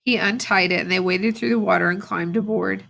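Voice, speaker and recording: A woman teacher reading a novel aloud to her students at a steady, plain pace, with brief asides to the class. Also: mid-range voice, a little fast, vocal fry.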